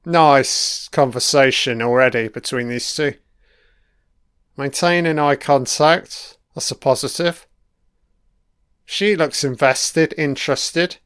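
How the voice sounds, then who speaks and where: A man's voice: medium pitch, takes it slowly, a bit bright, clean tone, dry recording, studio quality. A man giving crude, profane live reaction commentary while watching an episode. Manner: crude, profane running remarks.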